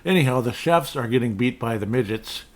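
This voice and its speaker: A man's voice: medium pitch, animated, a little fast. A man hosting a podcast in casual solo sports talk, rambling as he reads scores off a screen, with dry sarcastic asides. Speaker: podcast host. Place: indoors at a desk in front of a screen.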